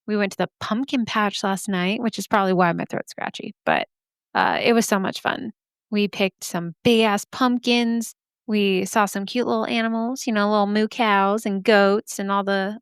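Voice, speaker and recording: Chatty woman with a smooth voice. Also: mid-range voice, normal speed, a bit bright, dry recording, studio quality. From Arizona. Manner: bubbly, chatty, laughs often. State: slightly scratchy throat. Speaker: podcast host. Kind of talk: casual chat. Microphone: studio microphone.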